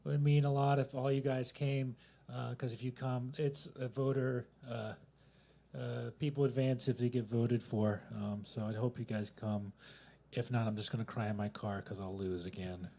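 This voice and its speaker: A man in his thirties doing a self-deprecating open mic stand-up set in a coffee house, swinging between loud punchlines and mumbled asides. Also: medium pitch, fairly even intonation, moderate pace, creaky. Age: 30s. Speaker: stand-up comedian.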